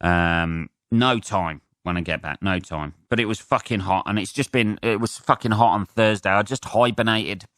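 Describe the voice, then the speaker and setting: Snuffly comedian rambling and swearing. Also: male voice, fairly low pitch, moderate pace, few pauses, fairly bright tone, no echo, studio quality. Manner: rambling, sweary and sarcastic, laughing at his own jokes. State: stuffy nose from a cold. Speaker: comedian and podcast host. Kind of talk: solo podcast monologue.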